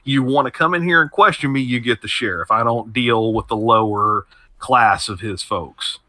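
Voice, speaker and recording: A man voicing a gruff, angry old homeowner in his late seventies, speaking curtly and with indignation. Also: mid-range voice, moderate pace, pushed and bright, no room sound, close to an everyday voice. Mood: indignant. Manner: curt, indignant.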